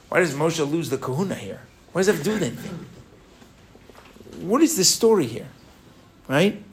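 Animated man teaching a Torah class. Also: on the high side, a little hiss or hum. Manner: animated, asks rhetorical questions, mixes in Hebrew phrases.

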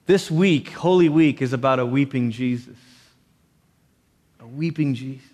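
A man preaching a sermon, animated, with joking asides and voices put on for quotes. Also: mid-range voice, a little slow. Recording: long reverb.

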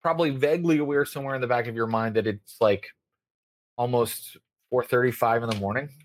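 A man's voice: medium pitch, fairly even intonation, brisk, no room sound, clean studio sound. A man narrating as game master in a tabletop role-playing game, with many fillers. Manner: rambling, filler-heavy narration.

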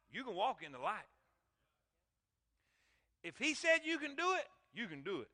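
A man's voice: very high voice, big pitch swings, moderate pace, pauses often, bright, forceful tone. A man preaching a sermon, emphatic and calling out to his congregation. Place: church sanctuary. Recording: long hall reverb in church.

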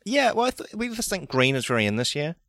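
A man's voice: fairly high pitch, very animated, fast talker, a bit bright, dry recording. A man improvising a male estate agent who shows off a haunted house with chirpy sales patter and hesitant fillers. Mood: salesy.

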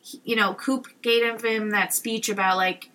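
Bright-voiced woman podcast co-host. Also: on the high side, steady tone, unhurried, poor audio. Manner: chatty, lots of fillers, summarizes plot. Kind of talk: casual chat recapping a TV episode.

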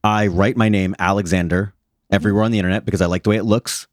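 A man's voice: on the low side, fairly even intonation, fast talker, no room sound, studio quality. A man co-hosting a podcast, telling a joking anecdote in casual chat. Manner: joking, storytelling.

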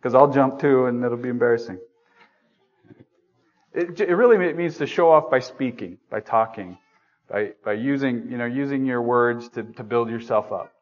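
A man delivers a sermon in a church room at a middle pitch, speaking like he is talking with friends. He keeps asking the congregation questions and pokes fun at himself. The recording sounds somewhat dull and muffled. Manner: self-deprecating humor. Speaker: preacher.

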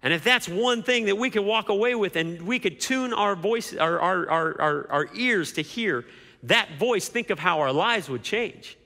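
A man's voice: sits high, expressive, a little slow, gravelly, pushed and bright. A man preaching a sermon as pastor, emphatic, with repeated rhetorical questions. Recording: long hall reverb.

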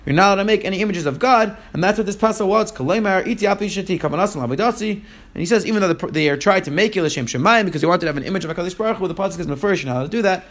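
A man's voice: high voice, racing, a bit bright. A man teaching a verse-by-verse text lesson, reading Hebrew verses aloud and then retelling them in casual English. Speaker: Torah teacher.

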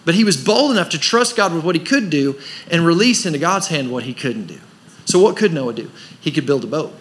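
Male pastor, sermon, higher-pitched voice, rhetorical questions, rising emphasis, light hiss behind. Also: lively intonation, fairly quick, a bit bright. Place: church service.

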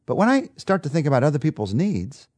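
A man's voice: a little high, sing-song, quick pace, darkish tone, no echo. A man giving a daily devotional Bible lesson in an emphatic teaching manner, asking rhetorical questions and repeating phrases for emphasis.

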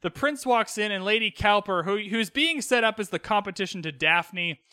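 Young man from Canada, casual podcast host, high voice, dry close sound. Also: animated, sharp tone, clear, resonant tone, no room sound. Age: young adult. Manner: chatty and cheeky, quick quoted asides. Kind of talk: casual solo recap podcast.

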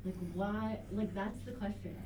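A woman's voice: mid-range voice, level tone, moderate pace, dark tone, slight background noise, rough recording. A young woman co-hosting a student radio show in casual chat, giggly and playful with mock-dramatic outbursts. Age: young adult.

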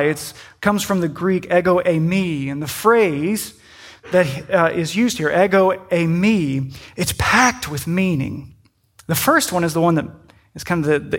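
A man with a high, light voice delivers a sermon from the pulpit. He reads scripture slowly and deliberately, then drops into loose, conversational asides. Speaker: pastor.

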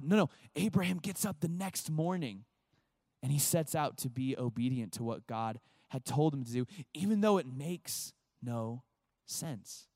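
A man pastor giving a casual, animated sermon to a young crowd, chatting and acting out short voices. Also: medium pitch, a little slow, no echo, studio quality.

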